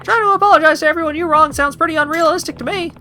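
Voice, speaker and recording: A man voicing a pushy reporter in a high, bright voice, firing accusing questions while reading game dialogue aloud. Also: racing, full character voice. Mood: probing. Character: pushy reporter grilling a celebrity.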